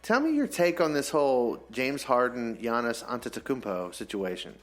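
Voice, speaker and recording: A man co-hosting a casual podcast, teasing his co-host and telling stories with animated jokes. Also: medium pitch, normal speed. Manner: joking, teasing, animated storyteller. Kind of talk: casual chat.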